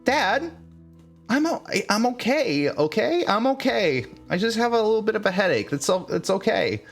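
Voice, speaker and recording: Man playing excited little boy, squeaky, very high, eager, tabletop game. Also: moderate pace, creaky, soft background music, exaggerated voice. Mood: brave. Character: young boy, eager, excitable apprentice mage.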